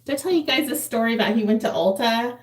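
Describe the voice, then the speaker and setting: High-pitched and fast, a forty-something vlogger talks casually to her live chat while doing her makeup at home. She laughs often, and the room sound is noticeable.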